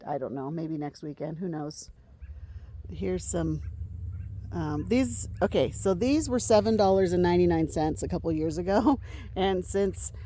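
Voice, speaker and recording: A woman with a lowish, mellow voice chats her way through a garden tour, trailing off into ums as she moves from bed to bed. She sounds relaxed and unscripted, filming outdoors on a handheld camera. A faint hiss of outdoor noise sits under her words. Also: a little slow. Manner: chatty and meandering, with frequent ums. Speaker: gardening vlogger. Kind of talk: casual garden walkthrough vlog. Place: outdoor home garden and greenhouse.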